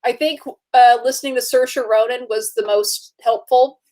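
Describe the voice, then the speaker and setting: Woman, co-host, casual live chat, chatty, laughing, fairly high voice. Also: fairly even intonation, moderate pace, warm tone. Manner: chatty, laughing, many fillers.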